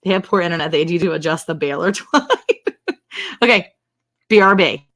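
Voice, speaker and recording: A woman's voice: lowish voice, normal speed, a bit bright. A woman hosting a casual ranch livestream, chatty and laughing often as she greets viewers by name.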